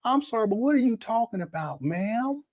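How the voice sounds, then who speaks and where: A man's voice: very high voice, lively intonation, moderate pace, darkish tone. Laughing, incredulous male commentator. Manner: joking, laughing, incredulous rhetorical questions. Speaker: commentary host. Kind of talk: casual reaction commentary.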